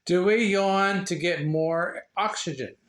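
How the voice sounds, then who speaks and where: A man reading a children's book aloud in a casual way, slow and halting, with slips, restarts and little asides. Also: high-pitched, fairly bright tone. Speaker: reader sharing a book. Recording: echoey room.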